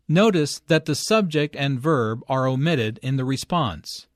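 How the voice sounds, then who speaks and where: A man narrating a scripted English lesson in a slow, clear, even delivery. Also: medium pitch, no room sound, studio quality. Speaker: English teacher.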